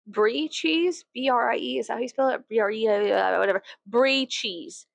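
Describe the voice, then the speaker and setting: A woman's voice: a little high, normal speed, gravelly, few pauses, dry recording. A woman vlogging in a casual rant, swearing freely, giggling and rambling.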